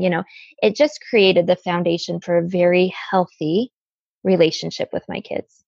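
Earnest woman telling a personal story, gravelly. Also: lowish voice, steady tone, darkish tone, dry recording. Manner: earnest, halting, many restarts. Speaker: guest. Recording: slightly dull lo-fi sound.

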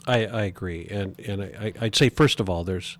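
A middle-aged man with a lowish voice, talking earnestly as a guest in an interview. He often halts and restarts his sentences as he works toward his point. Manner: earnest, halting with repeated restarts. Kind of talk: reflective interview talk.

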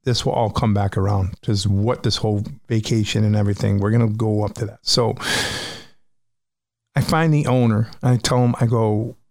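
A man's voice: lowish voice, steady tone, moderate pace, a little mellow, no room sound, clean studio sound. A man, a musician, frankly recounting a personal story with vivid, profane retelling.

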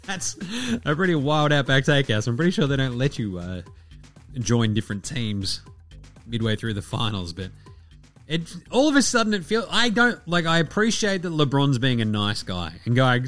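A man's voice: mid-range voice, sing-song, moderate pace, fairly bright tone, soft background music. A man hosting a sports podcast, ranting bluntly and swearing freely. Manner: blunt, profane, opinionated. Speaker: podcast host. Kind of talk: casual sports podcast rant.

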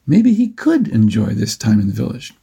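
A man narrating a children's adventure story with a steady, expressive reading. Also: mid-range voice, normal speed, gravelly, breathy edge.

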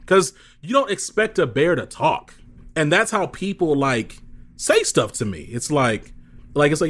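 A man's voice: a little high, unhurried. Emphatic man on a video call. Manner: emphatic, animated storyteller. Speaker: guest speaker. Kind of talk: conversational interview answer.

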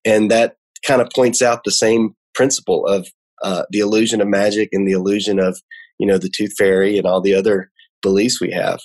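A man appears as a guest, a magician, in a casual conversation, explaining things like a teacher but hesitantly, with many restarts and fillers. His voice is fairly low and darkish, with little pitch movement and a fairly quick pace.

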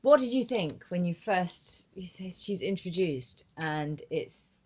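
Low-voiced woman steering a show chat. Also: expressive, takes it slowly, slightly rough. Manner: questioning, drives the discussion, casual swearing. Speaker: podcast co-host. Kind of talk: casual chat about a TV show.

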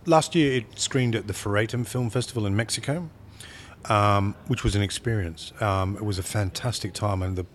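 A lowish male voice belonging to a film director in conversation. He rambles and restarts, stacking repeated words while he gathers his thoughts. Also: normal speed. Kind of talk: interview conversation.

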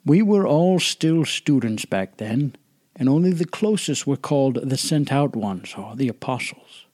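An actor playing an older male storyteller who recalls his student days in a measured way, in an amateur radio drama. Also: mid-range voice, animated, darkish tone, dry recording, clean studio sound. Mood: reminiscing. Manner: reminiscing, measured.

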